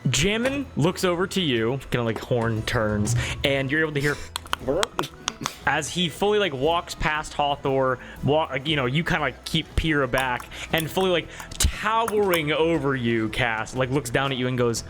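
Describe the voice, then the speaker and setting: A man's voice: medium pitch, animated, normal speed, music in the background. A man narrating as game master of a tabletop game in a loose, rambling way with many fillers.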